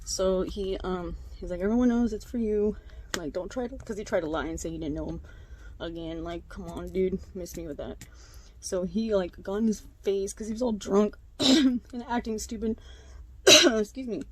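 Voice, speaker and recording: A young woman vlogging to camera, retelling neighborhood gossip in a casual, animated way with voiced quotes, fillers and laughs. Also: mid-range voice, moderate pace, a little hiss or hum. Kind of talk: casual storytelling chat.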